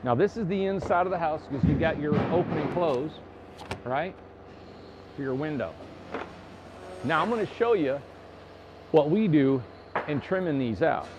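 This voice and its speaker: Chatty male builder, fairly high voice. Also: expressive, moderate pace, long pauses, noisy background. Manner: chatty, joking, explains step by step. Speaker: tiny home builder teaching on camera. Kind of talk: casual hands-on tutorial. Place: indoor tiny home build shop. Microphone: clip-on mic.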